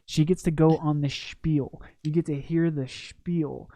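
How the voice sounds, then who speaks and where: A woman's voice: sits low, steady tone, measured pace, warm tone, no echo. A woman co-hosting a live stream in casual chat, laid-back and teasing as she laughs along.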